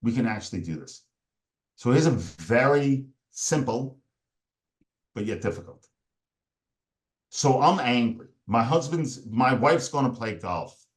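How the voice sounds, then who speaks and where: A man's voice: mid-range voice, animated, measured pace. A man, a performance coach, explaining a method step by step in a podcast interview and briefly acting out the voices of people in the story. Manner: explains step by step, acts out angry inner voices.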